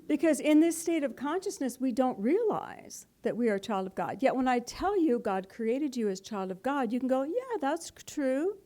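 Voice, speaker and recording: A middle-aged woman gives a spiritual talk to a live audience in a mellow, rather high voice. She keeps it playful and conversational and often laughs along with her listeners. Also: lively intonation, moderate pace, hardly any pauses. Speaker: spiritual teacher.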